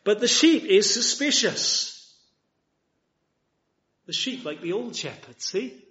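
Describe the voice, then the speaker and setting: High-voiced man preaching earnestly. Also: sing-song, takes it slowly. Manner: earnest, swings from loud appeals to hushed quiet. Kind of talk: sermon. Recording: dull lo-fi recording.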